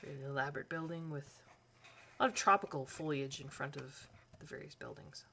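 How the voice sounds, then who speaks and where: A woman talks casually while she pages through a colouring book, her voice pitched a little low. She rambles, restarts her sentences and fills the gaps with "um" and "like". Some faint room ambience sits quietly behind her. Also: a little fast, creaky, a little hiss or hum. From Canada. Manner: rambling, self-correcting, with frequent fillers. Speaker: colouring channel host. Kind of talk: chatty book flip-through narration.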